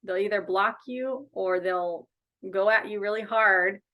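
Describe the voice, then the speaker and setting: A woman's voice: medium pitch, unhurried, sharp tone. A woman speaking as a guest in a casual interview over a video call, earnest and outspoken, a bereaved mother and advocate.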